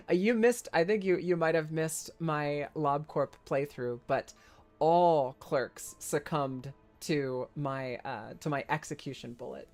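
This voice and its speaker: A man's voice: fairly high pitch, slow pace, darkish tone, soft background music. A man reading a story game's text aloud and adding jokey, casual commentary, laughing often and stumbling over words. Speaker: game streamer.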